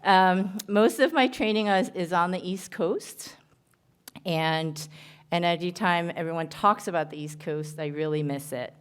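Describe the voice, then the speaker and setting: A woman's voice: on the low side, a little slow, smooth. A woman surgeon with a New Jersey accent, giving an earnest conference talk with many ums and restarts. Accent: American, New Jersey. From Korea. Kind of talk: conference presentation.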